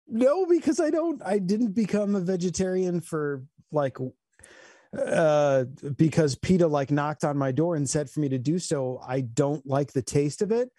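A man's voice: fairly high pitch, unhurried, mellow, no echo, studio quality. A man co-hosting a casual podcast chat, talking in a loose, easygoing way. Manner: laughing, apologetic, casual. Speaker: podcast co-host.

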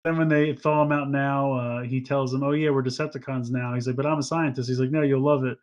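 A man's voice: medium pitch, steady tone, quick pace, a little mellow, highs cut off. A man co-hosting a podcast in casual chat, rambling, laughing often and tripping over his words. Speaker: podcast co-host.

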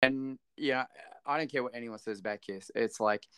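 A man's voice: medium pitch, normal speed, a bit bright, clear, resonant tone, no room sound. A man hosting a casual music interview, enthusiastic and effusive with lots of praise. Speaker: interviewer host.

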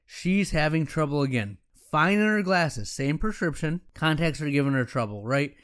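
A man tells a story in a casual, frank way. His voice is smooth and clear and sits a little high for a man. He slips into quoting himself and his patients. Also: lively intonation, normal speed, fairly bright tone. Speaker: optometrist and practice owner.

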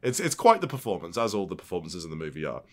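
Deep-voiced, animated man recapping a film. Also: rapid-fire. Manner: profane, jokey plot recap. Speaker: podcast co-host. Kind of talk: casual film-review chat.

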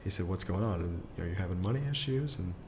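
A young adult man, a podcast guest, telling a personal story in a casual, rambling way full of fillers and quick chuckles. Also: sits low, expressive, background noise. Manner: rambling, filler-heavy, restarts often, chuckles through his story.

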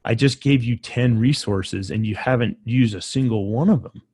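A man's voice: mid-range voice, normal speed, a little mellow, husky. A man with a mid-range voice talks bluntly in casual conversation. His voice sounds close and dry, with no room echo.

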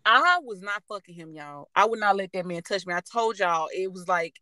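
A woman's voice: medium pitch, expressive, moderate pace, pushed and bright, no room sound. Blunt, profane woman telling stories. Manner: profane, blunt, vents with quoted dialogue. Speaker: podcast host. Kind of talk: casual storytelling chat.

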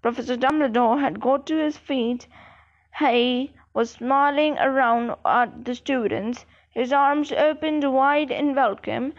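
A woman narrating a children's novel as an audiobook reader, reading slowly and evenly. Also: high-pitched. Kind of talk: storybook narration. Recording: dull lo-fi recording.

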